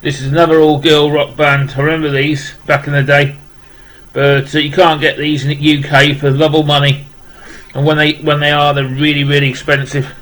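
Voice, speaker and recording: Man, slightly high voice, flat monotone delivery, rambling casual unboxing chat. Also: moderate pace, poor audio. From West Midlands, England. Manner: rambling, repeating "wow" and restarting with many fillers. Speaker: vlogger opening a parcel of rock music gifts.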